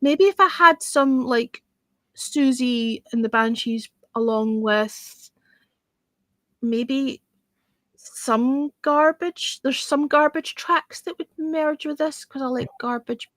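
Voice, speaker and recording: Woman, fairly high voice, blunt and opinionated, music show host, dry close sound. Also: slow pace, a bit bright, no echo. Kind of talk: casual panel chat on livestream.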